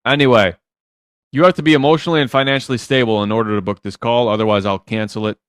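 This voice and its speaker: A man's voice: medium pitch, steady tone, quick pace, a bit bright, clear, resonant tone, no room sound, clean studio sound. A man working as a dating coach, giving blunt, teasing advice on a live stream and swearing freely.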